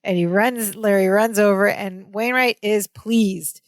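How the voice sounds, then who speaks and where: A woman co-hosts a casual podcast and retells a sitcom episode, acting out the characters' lines. Her voice sits at a mid pitch. The recording is dry and close. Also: fairly even intonation, a little slow, dry recording. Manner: narrates plot, acts out characters' lines. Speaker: podcast co-host. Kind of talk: casual chat recapping a sitcom.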